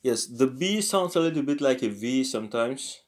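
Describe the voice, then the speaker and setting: A man teaching a casual language lesson, talking slowly and haltingly with many fillers and self-corrections. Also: medium pitch. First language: French.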